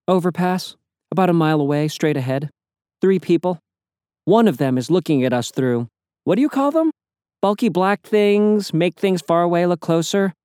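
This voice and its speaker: A man's voice: sits high, expressive, normal speed, dark tone, smooth, no room sound, clean studio sound, pitched above the performer's own voice. Man voicing a blunt female unicorn familiar. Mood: matter-of-fact.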